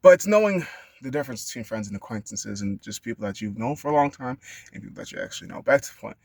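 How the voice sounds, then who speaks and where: A man talking in a rambling, profane monologue that sometimes bursts into high-pitched shouting. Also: lively intonation, fast talker, vocal fry, no room sound. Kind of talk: casual monologue rant.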